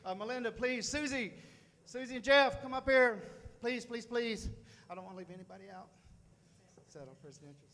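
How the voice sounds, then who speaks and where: A man's voice: very high voice, fairly quick, bright, forceful tone. A man giving a folksy, fired-up motivational speech to a room at a sales meeting, repeating phrases for emphasis. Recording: long hall reverb.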